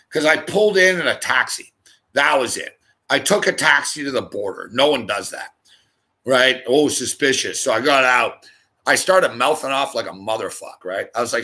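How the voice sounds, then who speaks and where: Canadian guy swearing nonstop telling a wild story, bright punchy voice, laughs a lot. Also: medium pitch. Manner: animated, swears constantly, laughs mid-story. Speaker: host. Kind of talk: profane storytelling rant.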